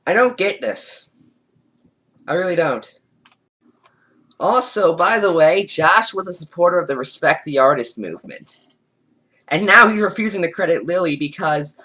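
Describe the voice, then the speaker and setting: A woman's voice: lowish voice, lively intonation, unhurried, long pauses, pushed and bright, husky. A woman giving sarcastic, exasperated commentary while reading online comments aloud. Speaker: commentary youtuber.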